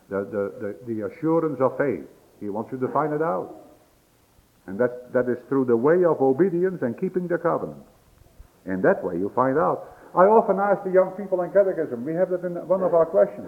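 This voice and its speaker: A man's voice: medium pitch, lively intonation, moderate pace. A man preaching a sermon as pastor, building to emphatic peaks with homely grammar slips. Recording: dull lo-fi recording.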